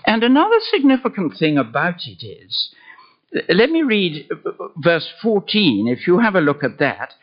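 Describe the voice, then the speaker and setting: An older man delivers a sermon at an unhurried pace, leaning on key words. His voice sits a little high and swings widely in pitch. The recording is muffled and lo-fi. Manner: slow, emphatic, with lively swings of pitch. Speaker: preacher.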